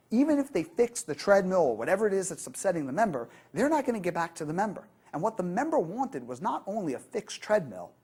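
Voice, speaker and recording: A woman giving a training lecture on customer service, lively and acting out the customers she quotes. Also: fairly low pitch, slightly rough.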